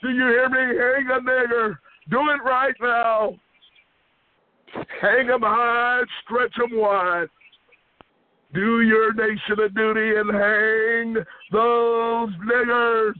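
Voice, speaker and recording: A man's voice: very high voice, little pitch movement, slow, dry recording. A man caller ranting with hostility on a group phone line, repeating chanted taunts over and over. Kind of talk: aggressive prank-call ranting.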